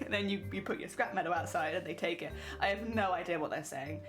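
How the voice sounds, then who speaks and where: A woman's voice: on the low side, fast, over music. A young woman streaming, chatting casually and laughing often while she reads chat.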